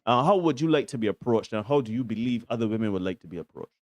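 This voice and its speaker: A man's voice: mid-range voice, expressive, fast talker, lo-fi sound. A man with an ordinary mid-range voice hosts a casual podcast chat. He asks long, rambling questions and keeps restarting as he works out what he wants to say. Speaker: podcast host.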